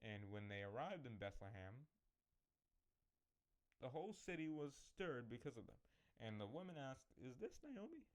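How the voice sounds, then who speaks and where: A man's voice: mid-range voice, lively intonation, moderate pace, long pauses. Young man reading scripture with jokey asides. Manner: joking asides, self-mocking, stumbles over words. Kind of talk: casual scripture reading with commentary.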